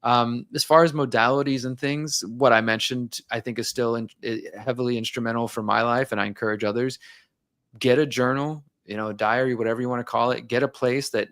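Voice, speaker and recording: A man's voice: medium pitch, a bit bright, no room sound, studio quality. A man speaking as an interview guest, talking candidly and reflectively, and sometimes acting out his own inner dialogue.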